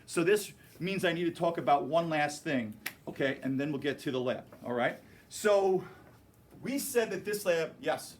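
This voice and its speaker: High-voiced, playful male teacher in class. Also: animated, normal speed, a little hiss or hum. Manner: playful, joking with students. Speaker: chemistry teacher. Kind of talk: classroom lecture.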